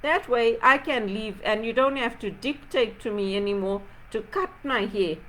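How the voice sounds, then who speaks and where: A woman's voice: fairly high pitch, normal speed, a bit bright, rough recording. A woman from Zimbabwe giving an impassioned spoken reflection, aggrieved and rhetorical, firing off repeated pointed questions. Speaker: video blogger.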